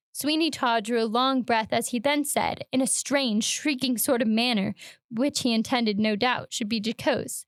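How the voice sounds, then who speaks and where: High-voiced woman reading a story aloud. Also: normal speed, dry recording, clean studio sound. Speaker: host.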